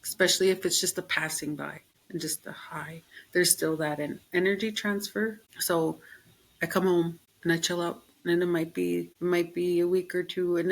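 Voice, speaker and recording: A middle-aged woman with a slightly low voice, talking as a podcast guest. She tells stories in a relaxed, chatty way and acts out what she and others said. She uses plenty of fillers and laughs easily. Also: low-quality recording. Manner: animated storytelling, acts out her own quotes. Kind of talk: casual interview chat.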